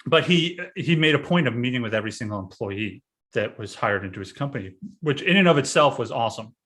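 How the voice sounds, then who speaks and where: A man talking casually on a podcast, halting with many fillers and restarts. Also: mid-range voice, expressive, fairly bright tone, slightly rough. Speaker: podcast host, guest this episode. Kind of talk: casual conversation.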